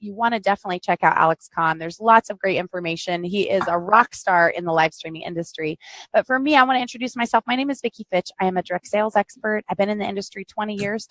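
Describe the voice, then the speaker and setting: A woman's voice: medium pitch, a bit bright, no echo. A middle-aged American woman hosting a live-streamed podcast over a video call, chatting casually, teasing and laughing often. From United States. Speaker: podcast host.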